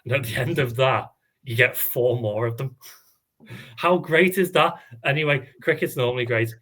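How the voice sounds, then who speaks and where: Laughing chatty man, animated. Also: medium pitch, moderate pace. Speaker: podcast co-host. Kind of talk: casual chat.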